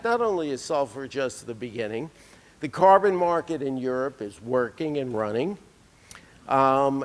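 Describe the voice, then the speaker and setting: A man delivering a conference keynote, telling anecdotes with dry humor. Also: mid-range voice. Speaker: keynote speaker. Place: conference hall. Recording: reverberant lecture hall.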